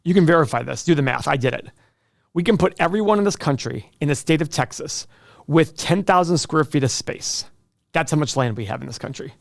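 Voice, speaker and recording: A man's voice: a little high, lively intonation, a little fast, creaky, no room sound, clean studio sound. A middle-aged man hosting a casual livestream, answering viewer questions with jokes and self-deprecating asides.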